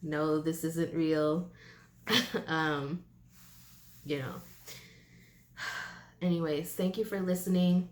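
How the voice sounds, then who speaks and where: A young woman talking to camera in a personal vlog, teary and halting, with many pauses and fillers. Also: low-pitched, level tone, a little mellow. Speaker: vlogger. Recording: echoey room, faint ambient noise.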